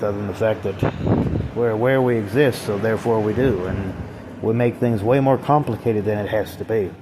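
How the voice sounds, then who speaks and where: A man's voice: on the low side, background noise. A man vlogger in a rambling, profane, bitter philosophical monologue.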